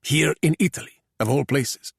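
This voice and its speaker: A courtly, dry-witted older police general, as a male narrator puts him on. The voice sits a little higher than the narrator's own and keeps a gravelly edge, in a dry, close recording. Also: normal speed, no room sound, full character voice. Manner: courtly, dryly witty.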